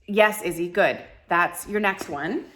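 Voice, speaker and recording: A woman teacher leading a live classroom phonics lesson, sounding out syllables slowly and encouraging her students. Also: fairly low pitch, fairly bright tone. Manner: slow, drawn-out syllable sounding.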